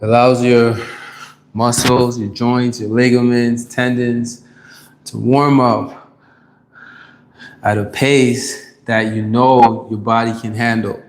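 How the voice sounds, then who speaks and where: With a mid-range voice and flat delivery, this man from Ghana talks slowly, leaving long pauses. He's streaming his gym workout live, calling out viewers by name and pumping them up as a fitness livestreamer.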